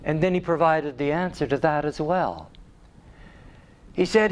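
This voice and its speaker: A man preaching a sermon in a deliberate, emphatic way, repeating key phrases for weight. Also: on the high side.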